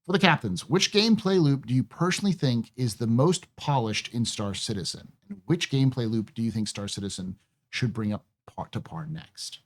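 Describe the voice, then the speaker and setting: A man's voice: medium pitch, animated, normal speed. A man hosting a podcast, chatting casually and repeating words as he thinks. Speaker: podcast host. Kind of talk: casual chat.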